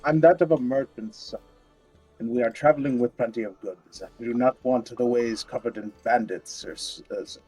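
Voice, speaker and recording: A man's voice: mid-range voice, moderate pace, mellow, faint music behind, poor audio. A man playing a tabletop game, speaking in a formal, stilted way as his character. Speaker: player. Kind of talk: in-character tabletop role-play.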